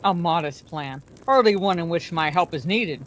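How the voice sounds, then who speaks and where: A woman reading aloud, voicing a proud old male wizard with a shrill, cold, sneering voice. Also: expressive, moderate pace, lightly acted. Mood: raging. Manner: sneering, scornful.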